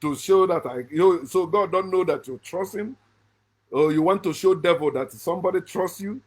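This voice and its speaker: A middle-aged man from Africa runs a channel and talks at a normal speed in a husky voice. His emphatic commentary rises to loud, high bursts, drops to low muttered asides, and often restarts mid-sentence.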